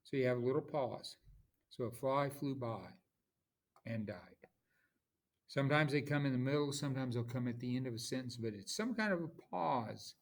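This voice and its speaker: A man teaching a lecture on poetry, speaking haltingly with frequent pauses and restarts, sometimes tapping out rhythms aloud. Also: medium pitch, gravelly. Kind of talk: classroom lecture.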